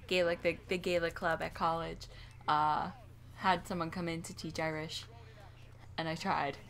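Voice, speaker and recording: A woman's voice: deep voice, little pitch movement, a little slow, fairly bright tone. A young American woman co-hosting a casual Q&A chat with her husband, easygoing and often laughing at herself. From United States. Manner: laughing, easygoing, self-deprecating. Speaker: co-host, host's wife.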